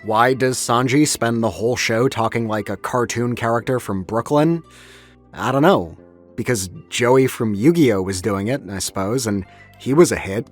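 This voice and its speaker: A man's voice: medium pitch, normal speed, faint music behind. A man narrating a scripted video essay in a wry, analytical way.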